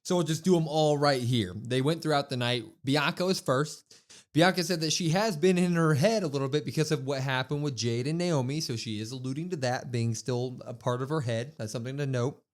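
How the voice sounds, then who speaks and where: A man's voice: medium pitch, brisk. A man co-hosting a podcast, recapping a wrestling show in casual chat and reading out quotes with emphasis. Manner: animated, reads out quotes with emphasis. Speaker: podcast co-host.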